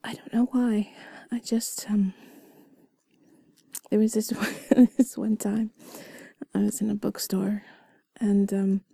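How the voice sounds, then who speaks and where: A woman's voice: mid-range voice, level tone, takes it slowly, vocal fry, mellow, husky, no echo. A young woman in a whispered role-play, speaking intimately to a partner, giggly and self-deprecating. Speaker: audio role-play creator.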